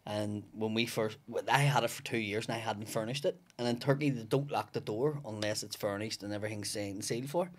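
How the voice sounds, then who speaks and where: A man's voice: on the low side, fairly quick, few pauses. A man telling a long story on a podcast, swearing freely and acting out the other people's lines. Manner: profane, acts out the voices in his stories. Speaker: comedian guest. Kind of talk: casual storytelling. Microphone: studio podcast mic.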